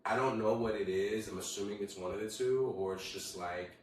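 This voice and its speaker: A young man with a low voice hosts a casual solo podcast, swearing freely as he tells animated stories. His voice sits a little away from the mic. A heavy room echo surrounds every word. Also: brisk, distant mic. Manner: animated storytelling, heavy swearing, acts out quotes. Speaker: podcast host.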